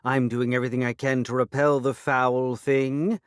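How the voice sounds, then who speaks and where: A man's voice: mid-range voice, flat delivery, moderate pace, smooth, no echo, clean studio sound, voice pushed up, natural voice. A man voicing a defiant fairy woman. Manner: proud, sharp and defiant. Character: defiant female guardian fairy.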